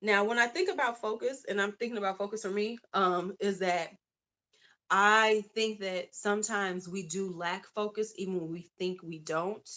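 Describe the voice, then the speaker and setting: A woman's voice: mid-range voice, fairly even intonation, normal speed, bright, forceful tone. Woman, casual live-stream chat, talks back to viewers, chatty asides. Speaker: YouTube beauty channel host.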